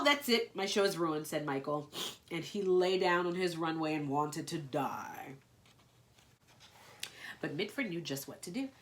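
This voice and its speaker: A woman with a nasal voice reading a picture book aloud and breaking off for playful, gushing asides. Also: deep voice. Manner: playful, gushing asides between read lines.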